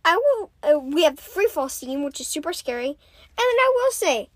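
A woman's voice: sits high, sing-song, brisk, dry recording. A woman co-hosting a podcast, chatty and giggly, recapping with lots of fillers. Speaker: podcast co-host.

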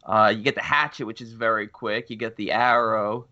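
Bright-voiced man reviewing a movie. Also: lowish voice, steady tone, moderate pace. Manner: rambling, stammering restarts. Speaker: podcast co-host. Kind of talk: casual movie review chat. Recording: muffled lo-fi audio.

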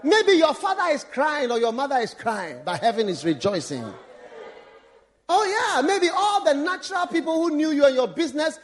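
A man preaching a sermon as a bishop, animated, breaking into laughs and shouts for emphasis. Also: extremely high pitch, normal speed, a faint crowd.

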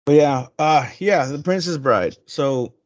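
A man's voice: fairly high pitch, measured pace, muffled recording. A man in his thirties, co-hosting a podcast in casual chat, laughing easily and dropping in Spanish slang. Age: 30s. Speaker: podcast co-host.

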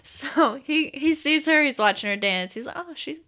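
Bright, high-voiced woman recapping a movie. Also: animated, normal speed. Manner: laughs often, acts out characters in a high squeaky voice. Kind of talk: casual movie recap chat.

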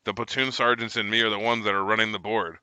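तीस के दशक का एक आदमी, सेना का पूर्व सैनिक, जो खुलकर गालियों के साथ भटकती हुई कहानियाँ सुनाता है।. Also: male voice, fairly low pitch, flat delivery, fast talker, pushed and bright, smooth, no echo, poor audio. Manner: rambling, profane storyteller. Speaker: military veteran guest. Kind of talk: casual chat.

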